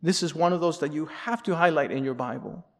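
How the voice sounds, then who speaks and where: A man's voice: on the high side, fairly quick. A male pastor preaching a sermon, reading scripture aloud expressively and adding asides. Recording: long reverb in a large hall.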